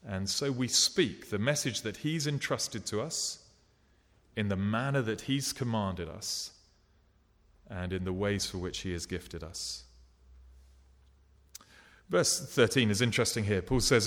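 A man preaching a sermon in an earnest, unhurried way, painting vivid scenes and dropping softly at tender moments. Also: lowish voice, big-room sound.

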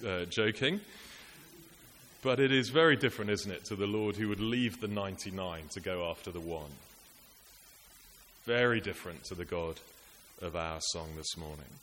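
A man's voice: low-pitched, fairly bright tone. A man preaching a sermon, earnest and rhetorical, building his points through repetition and lists. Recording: echoey hall with faint hiss.

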